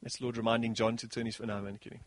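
A man preaching a sermon as pastor, animated, swinging between soft passages and loud bursts. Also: mid-range voice, rapid-fire.

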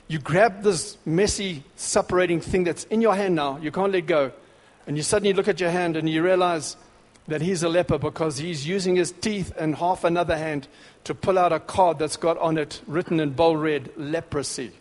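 A man preaching a sermon, dramatic, dropping to a hush and then rising to shouts. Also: on the high side. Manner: dramatic, swings between hushed and shouting. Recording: long hall reverb.

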